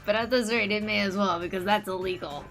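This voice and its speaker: A young woman artist hosting a casual drawing video, excitable and giggly as she reacts. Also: medium pitch, fast, faint music behind. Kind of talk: casual chat while drawing.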